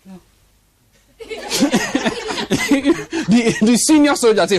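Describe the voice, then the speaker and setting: Animated male preacher with a lively voice. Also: very high-pitched, drawn-out words, noisy background. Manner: animated preaching with laughter and call-and-response. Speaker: pastor. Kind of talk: sermon. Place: church congregation.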